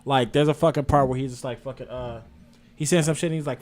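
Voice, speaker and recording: A young man co-hosting a casual livestream music review, rambling in a profane, animated way. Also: on the high side, racing.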